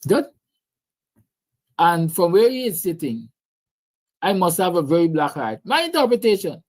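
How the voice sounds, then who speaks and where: A man's voice: sits high, big pitch swings, moderate pace, a little mellow. A man with a Guyanese accent hosting a livestream, giving impassioned, preachy political commentary and answering viewer comments. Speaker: livestream host.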